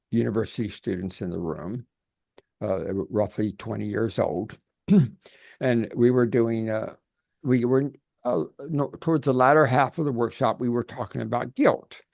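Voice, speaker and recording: A man coaching on a video call, telling stories in an animated way and often restarting his sentences. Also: medium pitch, vocal fry, no echo, clean studio sound. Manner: animated storytelling with frequent restarts. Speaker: life coach.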